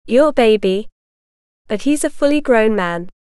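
A woman's voice: fairly high pitch, lively intonation, unhurried, a little mellow, smooth, dry recording, studio quality. A woman reading the part of a puzzled, exasperated man on the phone, with incredulous questions. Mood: bewildered.

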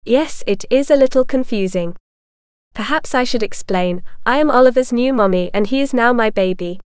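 A woman reading the part of a calm, self-assured woman who answers in a matter-of-fact way. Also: on the high side, moderate pace, clean tone, dry recording, clean studio sound, natural voice.

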